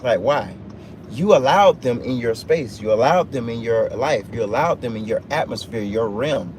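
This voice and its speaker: A man's voice: mid-range voice, expressive, normal speed, a little mellow. A man giving an off-the-cuff motivational talk on a livestream, driving his points home with emphatic, repetitive phrasing. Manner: emphatic, repetitive preaching cadence. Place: inside a truck. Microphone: phone livestream. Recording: noisy vehicle cabin sound.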